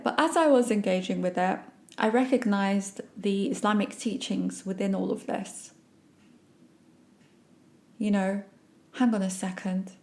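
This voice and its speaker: A woman hosting a podcast and telling a personal story in an emphatic, animated way. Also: mid-range voice. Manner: emphatic, animated, acts out quoted remarks. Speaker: podcast host.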